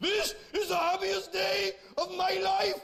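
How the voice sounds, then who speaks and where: A man's voice: very high voice, little pitch movement, a little slow, fairly bright tone, raised voice, pitched above the performer's own voice, full character voice. A man mimicking a wailing groom. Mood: anguished. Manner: wailing, sing-song. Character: mopey Welsh groom, mock accent. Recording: noisy live recording.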